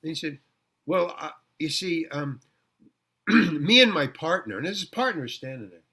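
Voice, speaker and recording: An older man telling long, meandering stories from a life in show business. His voice is bright and slightly high, and he stumbles and repeats words as he goes. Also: lively intonation, slightly rough. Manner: rambling anecdotes with halting restarts. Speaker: guest actor telling stories. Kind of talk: casual storytelling interview.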